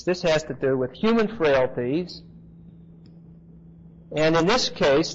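A man with a fairly high voice teaches scripture to a class. He talks conversationally and stresses key points with emphasis. The recording is dull and lo-fi, with a faint hiss underneath. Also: a bit bright. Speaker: Bible teacher. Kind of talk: expository Bible teaching to a class.

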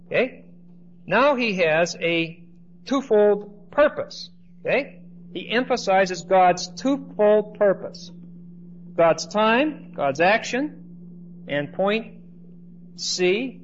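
A man teaching a Bible class in lecture style, often checking in with his listeners by asking "okay?". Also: sits high. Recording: dull lo-fi recording with faint noise.

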